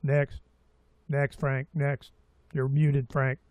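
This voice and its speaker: A man's voice: medium pitch, completely flat delivery, extremely slow, dry recording, lo-fi sound. An older man hosting a show, ranting bluntly in casual political commentary and swearing freely. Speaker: show host.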